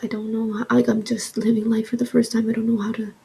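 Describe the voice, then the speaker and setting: A young woman vlogger telling a casual story with animated, swearing delivery, sometimes slipping into a soft breath. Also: fairly high pitch, fast talker, gravelly, breathy edge, low-quality recording. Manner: animated, swears freely, acts out quotes.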